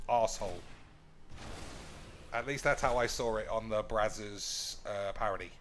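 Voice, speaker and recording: A man's voice: lowish voice, measured pace, long pauses, fairly bright tone, slight background noise. A man streaming a card game, thinking aloud with crude, joking banter. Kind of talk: casual gameplay commentary.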